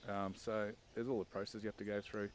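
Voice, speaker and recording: In this documentary interview, a former army recruit looks back on his training in a lowish, brisk voice with little pitch movement. His storytelling is casual and wry, full of "um"s and "and"s, and a little hiss or hum sits under the audio.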